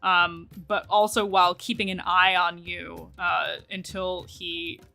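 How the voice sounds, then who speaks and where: A woman's voice: lowish voice, flat delivery, a little slow, gravelly, bright, forceful tone. A woman narrating a tabletop game as game master, hesitant and full of fillers.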